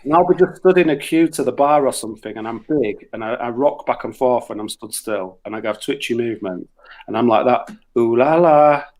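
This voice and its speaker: A middle-aged Yorkshireman with a mid-range voice talks a little fast, spinning crude, sweary stories during a casual radio chat. He animates his anecdotes with put-on voices.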